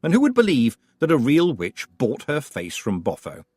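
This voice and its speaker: A man's voice: medium pitch, wildly swooping pitch, normal speed, darkish tone, husky, no echo, studio quality, pitched above the performer's own voice. A man doing a proud, gossipy village woman.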